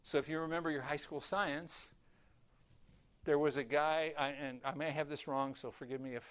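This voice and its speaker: An older man teaching a sermon in a storytelling way, acting out little scenes with lively voices. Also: normal speed, clean tone. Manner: storytelling, acts out voices with rising pitch. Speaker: preacher.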